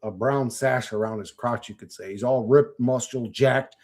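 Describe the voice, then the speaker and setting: A man's voice: mid-range voice, normal speed, a little mellow. A man rambling casually to his stream chat, swearing and laughing often. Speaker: channel host.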